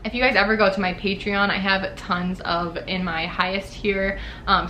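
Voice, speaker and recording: A woman's voice: mid-range voice, pushed and bright, a little hiss or hum. A young woman in her twenties talking casually to her viewers in a Q&A vlog, chatty and full of "like" fillers. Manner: chatty, many "like" fillers, frequent laughs. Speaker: YouTuber. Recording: echoey room with faint ambience.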